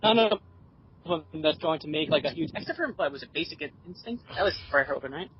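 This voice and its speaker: A man's voice: a little high, expressive, fairly quick, husky. A man giving blunt, opinionated takes in a casual group chat. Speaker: podcast panelist. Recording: dull lo-fi call audio.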